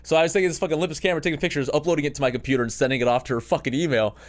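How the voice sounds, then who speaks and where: A man's voice: a little high, fairly even intonation, rapid-fire. Rambling, profane man telling a story. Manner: rambling, profane, self-mocking anecdotes with laughter. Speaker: podcast host. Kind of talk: casual storytelling.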